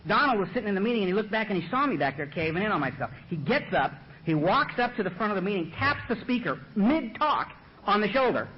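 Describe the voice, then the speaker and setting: With a high voice and a fast delivery, a man shares his story at a recovery meeting from the front of the room. He's funny, relaxed, and lively, saying "you know" and "man" constantly and chuckling at himself. A podium mic captures it in dull lo-fi, with slight background noise.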